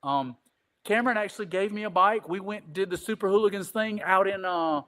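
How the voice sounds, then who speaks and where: A man's voice: sits high, a little fast, bright, forceful tone. A man telling a long casual story as a podcast guest, rambling and repeating "I said," swearing casually. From Greenville.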